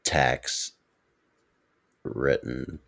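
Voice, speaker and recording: A man's voice: a bass voice, fairly even intonation, extremely slow, creaky, fairly bright tone, no room sound, clean studio sound. A man co-hosting a casual podcast, laid-back, laughing a lot and swearing, often answering briefly. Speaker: podcast co-host. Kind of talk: casual chat.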